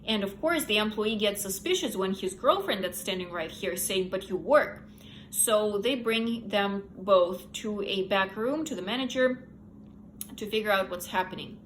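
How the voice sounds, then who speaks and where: A woman's voice: medium pitch, normal speed, fairly bright tone, slight background noise, low-quality recording. A young woman casually recapping a novel's plot in her own words, candid and opinionated. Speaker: book reviewer. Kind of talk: casual book review chat.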